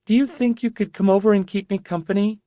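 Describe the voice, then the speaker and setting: A woman's voice: medium pitch, fairly even intonation, quick pace, dark tone, dry recording, clean studio sound, pitched above the performer's own voice, close to an everyday voice. A man reading an audiobook, voicing a frail, ailing young woman who talks in a trembling, rambling way. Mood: wistful. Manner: trembling, chatty, drifting off.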